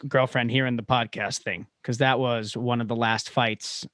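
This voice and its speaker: A man's voice: medium pitch, level tone, moderate pace, fairly bright tone, no room sound, studio quality. A man hosting a podcast, asking probing questions and rambling through his own stories in casual chat. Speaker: podcast host.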